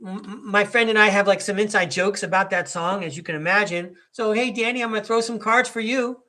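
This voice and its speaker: This American tarot reader runs a podcast where he reads cards live, rambling in a chatty, folksy style that laughter keeps breaking up. His high-pitched voice moves fairly quickly and has a sharp tone.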